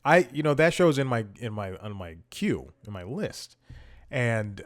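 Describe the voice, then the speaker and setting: A man's voice: medium pitch, very animated, moderate pace. Rambling casual male show host. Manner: rambling, self-interrupting storyteller. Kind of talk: casual comedic monologue.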